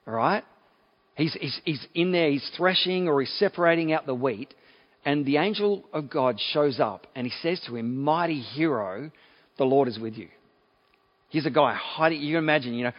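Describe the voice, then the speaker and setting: A man with an Australian accent preaching a sermon in a relaxed, conversational way, with many fillers and restarts. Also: fairly high pitch, dull audio. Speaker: pastor.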